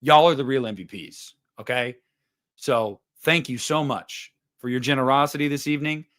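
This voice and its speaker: A man's voice: mid-range voice, normal speed, fairly bright tone. A man hosting a casual livestream, chatting with viewers in a loose, profane, rambling way. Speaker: livestream host.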